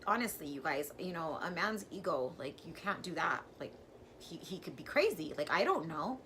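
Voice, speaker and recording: A woman vlogger telling a personal story in a casual, chatty way, full of "like" and with sudden jumps from quiet to loud. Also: sits low, normal speed, a little hiss or hum. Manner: chatty and filler-heavy, says "like" constantly; animated, with sudden swings from hushed to loud.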